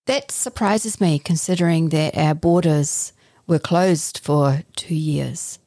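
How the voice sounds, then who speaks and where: Podcast host lady, kinda low and mellow, dry close sound, reads pretty quick. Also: no room sound. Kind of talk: podcast interview.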